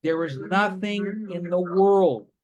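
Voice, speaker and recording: A man giving a live presentation to an audience, telling stories with enthusiastic, animated energy. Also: high-pitched, slow.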